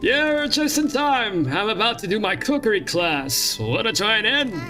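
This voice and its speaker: A man putting on a cheery, high-pitched voice for a game character while streaming. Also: sing-song, moderate pace, sharp tone, soft background music, exaggerated voice. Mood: chirpy.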